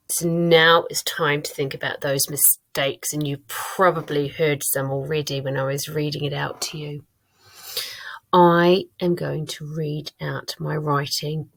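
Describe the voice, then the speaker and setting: A female primary school teacher records a lesson, speaking clearly and encouragingly to her pupils and thinking aloud as she checks her own writing. Her voice sits low and is a bit bright.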